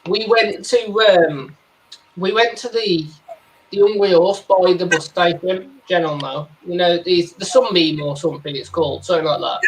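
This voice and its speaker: A man's voice: high-pitched, normal speed. A man, chatting casually with restarts and stories. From West Midlands, England. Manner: chatty, storytelling, stammering restarts. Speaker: tarantula keeper and channel host. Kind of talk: casual chat on a video call. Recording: noisy background hiss.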